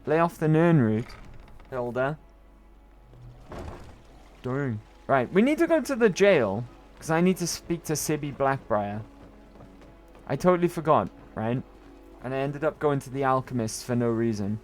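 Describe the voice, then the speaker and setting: Male streamer, casual rambling chat, jokey, animated pitch. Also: a little slow, long pauses, faint music behind. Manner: chatty, rambling, jokey, swears. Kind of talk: casual gameplay commentary.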